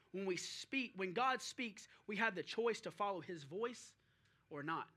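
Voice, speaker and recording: Pastor, male, high bright tenor, preaches in rising rhetorical questions. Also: lively intonation, normal speed. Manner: preaching with rhetorical questions and drill-call shouts. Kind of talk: sermon.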